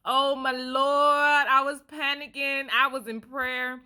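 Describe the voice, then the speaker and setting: A woman with a bright, fairly high voice tells a story straight to her phone camera. She is animated and keeps breaking into laughter, chatting casually to her viewers. The handheld phone gives it a close, everyday vlog sound. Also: slow. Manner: animated, laughing often while telling a story. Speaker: vlogger.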